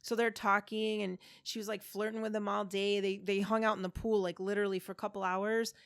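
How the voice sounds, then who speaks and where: A woman in her forties tells a story on a podcast and acts out the people in it, swearing freely. Her voice sits at a middle pitch. The recording is close and dry. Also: flat delivery, brisk, clear, resonant tone, dry recording. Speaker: podcast co-host. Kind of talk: casual chat, storytelling.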